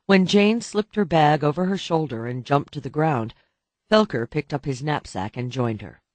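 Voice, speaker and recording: A man narrating a novel as an audiobook reader, in a steady, even storytelling manner. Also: fairly high pitch, normal speed, no room sound. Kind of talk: scripted narration.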